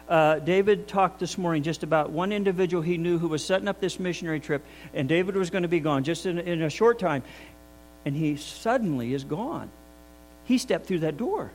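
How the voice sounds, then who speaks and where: An older male pastor giving a sermon, telling a folksy story with many restarts and swinging between loud emphasis and soft asides. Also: high voice, poor audio. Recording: mains hum behind the voice.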